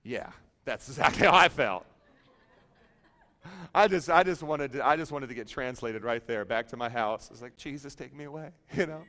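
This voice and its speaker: A man's voice: medium pitch, normal speed, pauses often, bright, forceful tone. A middle-aged male pastor telling a humorous, self-deprecating story in a sermon, chatty and full of fillers.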